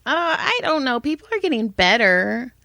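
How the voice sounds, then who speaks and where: A woman's voice: on the high side, normal speed, vocal fry, no echo. A middle-aged woman co-hosting a podcast, telling stories in casual chat and acting out what people said. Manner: animated storytelling, acts out quotes. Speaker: podcast co-host.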